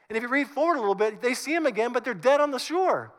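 A man preaching a sermon as pastor in an animated, conversational way, acting out the scripture he reads. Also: very high voice, quick pace, few pauses.

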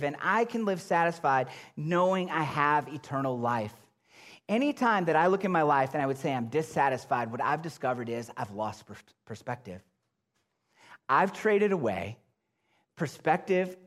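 Delivering a sermon, a middle-aged pastor alternates between loud, emphatic outbursts and quiet, hushed passages.

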